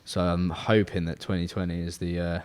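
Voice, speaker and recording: A man's voice: deep voice, little pitch movement, a little fast, smooth. A man of twenty, hosting a casual podcast chat and rambling with lots of fillers and restarts. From England. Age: 20s. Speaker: podcast host, car detailing business owner. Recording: long hall reverb.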